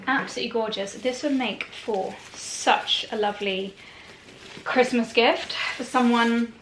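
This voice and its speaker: A chatty woman with a fairly high voice talks through a haul, bubbly and playful. The recording is roomy, with echo around her and a faint hiss underneath. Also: unhurried, fairly bright tone. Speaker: lifestyle vlogger. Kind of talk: casual unboxing chat.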